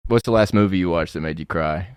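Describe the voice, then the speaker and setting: Laid-back low-voiced male podcast host. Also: quick pace, smooth, dry recording, clean studio sound. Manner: relaxed, asks questions, laid-back. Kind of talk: casual chat. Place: podcast studio.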